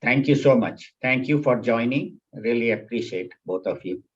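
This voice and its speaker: A man's voice: mid-range voice, moderate pace, husky, muffled recording. A man teaching a scripture class at a spiritual center, explaining patiently and repeating key points. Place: class at a spiritual center, also on video call.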